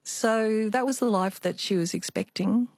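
A woman's voice: on the high side, normal speed, a little mellow, dry recording, studio quality. An older woman, an artist, telling family stories as a guest in a radio interview. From Australia. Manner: reflective storytelling, with small restarts.

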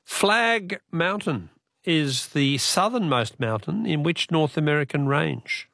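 Matey Australian talkback quiz host, slightly high gravelly voice, dry studio mic. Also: male voice, expressive, takes it slowly, a bit bright, no room sound. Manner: chatty, matey, reads texts aloud. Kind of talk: talkback radio quiz hosting.

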